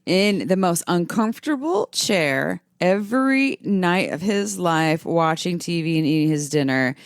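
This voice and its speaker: Low-voiced chatty woman host. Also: expressive, unhurried, dry recording, studio quality. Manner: chatty, self-deprecating, laughs easily. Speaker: podcast host. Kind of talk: casual podcast interview.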